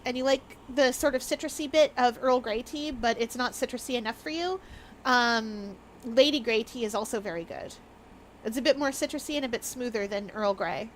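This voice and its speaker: A woman's voice: high-pitched, fairly bright tone, slight background noise. Bubbly, rambling woman streamer. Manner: bubbly, rambling, laughs often. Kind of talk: casual live-stream chat.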